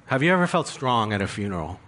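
A man's voice: mid-range voice, sing-song, fast talker, a bit bright. A male pastor preaching a sermon in an earnest, confessional way, building emphasis through rhetorical questions.

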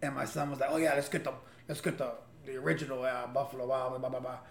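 A man hosting a casual chat, bantering and reacting with quick jokes. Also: medium pitch, steady tone, creaky. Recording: echoey room with faint hum.

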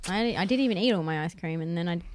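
A woman's voice: lowish voice, quick pace, no room sound. A middle-aged woman with an Australian accent, co-hosting a casual live-streamed podcast and greeting viewers by name. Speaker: podcast co-host.

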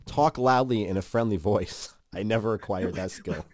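A man co-hosting a casual chat podcast, animated and acting out quoted lines. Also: normal speed, dry recording, clean studio sound. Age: adult. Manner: animated, acts out quotes with big pitch jumps. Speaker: podcast co-host.

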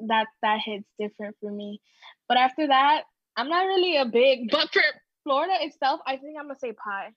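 A woman's voice: high voice, animated, fairly quick, no room sound. A woman guest in a casual chat, talking hesitantly with restarts. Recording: dull lo-fi dry mic.

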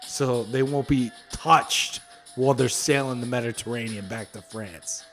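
Brief: male podcast host, vulgar bro-slang storyteller, mid-pitched, casual. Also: a little slow, soft background music. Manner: crude, slangy, animated storytelling.

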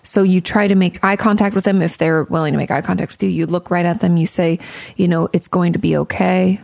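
A woman's voice: on the low side, steady tone, fairly quick, creaky, a little mellow, no room sound. A woman podcast host and therapist giving candid, chatty advice and swearing casually.

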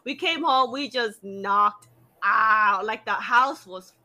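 A young woman casually telling a story, animated, full of "like" and swearing, laughing often and jumping up high for quoted voices. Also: takes it slowly.

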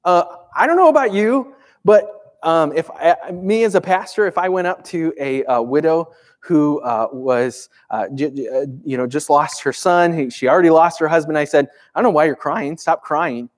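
A man's voice: fairly high pitch, normal speed. A man preaching a sermon as pastor, speaking conversationally and emphatically with rhetorical questions.

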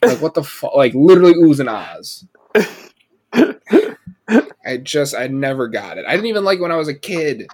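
A man in casual podcast chat who rants and swears freely. His voice sits at an ordinary pitch. He delivers his complaints with heavy sarcasm. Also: big pitch swings, normal speed, a little mellow, husky. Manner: profane, ranting, sarcastic. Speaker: podcast co-host.

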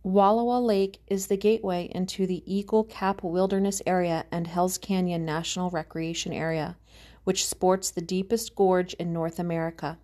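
A woman calmly narrating an audiobook in a measured storytelling manner. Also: fairly low pitch. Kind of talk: scripted narration.

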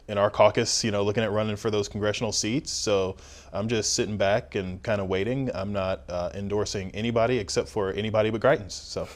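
A man's voice: on the low side, steady tone. A man who is a state representative, weighing his words on a political panel. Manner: measured, hedging.

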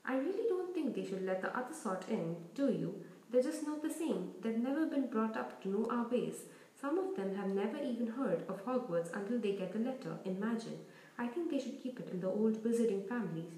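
A woman's voice: a little high, animated, a little fast, warm tone, far from the mic. Woman voicing a snobbish boy wizard, drawling, sneering, storybook reading, roomy echo.

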